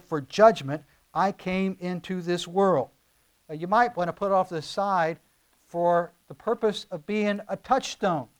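A high-pitched man delivers an impassioned, emphatic sermon, building momentum through repeated phrases. He drifts into conversational asides, stumbling and restarting along the way.

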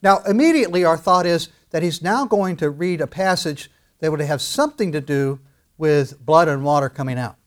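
A man preaching an expository sermon, reading and explaining scripture with rhetorical questions, moving between loud proclamation and quiet intensity. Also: a little high, normal speed.

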